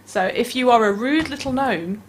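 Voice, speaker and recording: A woman's voice: on the high side, normal speed, a little hiss or hum. A woman with a New Zealand accent chatting as a radio book reviewer, reading out picture-book lines in playful voices. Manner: chatty, acts out story voices.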